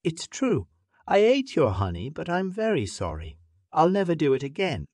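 A man's voice: on the high side, huge pitch swings, normal speed, a little mellow, no room sound, clean studio sound, voice pushed up, heavily acted. A man reading a graded-reader story, voicing a small, clever female monkey in a teasing, singsong voice. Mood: pleading.

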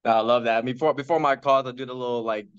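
A man's voice: medium pitch, fairly even intonation, quick pace, clean tone. A man talking casually and with enthusiasm in a team meeting, often hesitating with ums. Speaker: real estate agent in training. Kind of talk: casual chat. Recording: dull dry audio.

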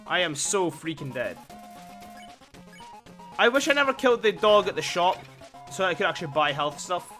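A man commentating his own video game playthrough with excitable, panicky reactions. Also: high voice. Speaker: gaming video host. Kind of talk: let's play commentary. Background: faint game music.

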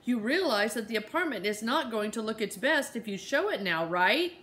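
An exasperated mother speaks in clipped, terse phrases, as a woman reading aloud puts her on. The voice sits higher than the reader's own. It suits a children's storybook reading. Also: expressive, normal speed, fairly bright tone, slight background noise. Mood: annoyed. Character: frazzled, sharp-tongued mother on a phone call.

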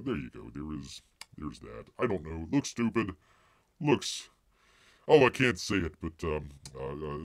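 A man's voice: low voice, no echo, studio quality. A man hosting a live stream and reviewing comics, rambling with many fillers and speaking of himself in the third person. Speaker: livestream host reviewing comics. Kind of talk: casual live-stream chat.

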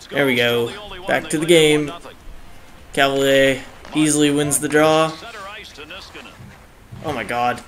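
Excitable young man commenting on gameplay. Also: a little high. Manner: excitable, reacting to every play, groans and cheers. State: dry throat. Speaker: gaming channel host.

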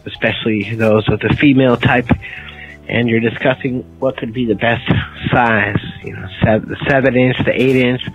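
A man's voice: mid-range voice, fairly even intonation, moderate pace, faint music behind. A man leaving a crude, joking voicemail message. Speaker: voicemail caller. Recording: dull lo-fi voicemail audio.

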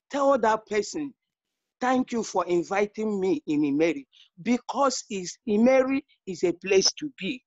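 Brief: woman, fairly high voice, emphatic preacher-like motivational talk, dry, muffled call audio. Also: darkish tone, no echo. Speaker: network marketing director. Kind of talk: motivational speech on an online call.

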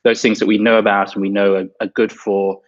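Flat-voiced Englishman on a dull remote line. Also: lowish voice. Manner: measured, precise explaining. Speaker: interview guest, developer.

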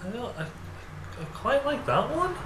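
A man chats and laughs through a game, his voice high and swinging widely as he jokes around. The sound comes from an echoey room with a noisy background. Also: very animated, a little slow. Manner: silly, laughing, joking with mock voices. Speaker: gameplay commentator. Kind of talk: casual let's-play banter.

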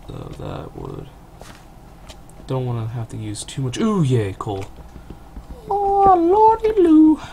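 Slow-talking young man with a noisy mic. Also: creaky. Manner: rambling, self-deprecating, chatty. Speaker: gaming channel host. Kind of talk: casual let's-play commentary. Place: home room at a computer. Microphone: cheap desktop mic near keyboard. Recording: noisy low-budget home recording.

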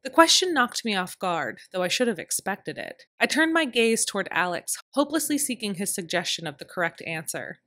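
A woman reading a historical romance audiobook in first person, in a measured storytelling manner. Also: medium pitch, sing-song, sharp tone, dry recording, studio quality. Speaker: author and audiobook narrator.

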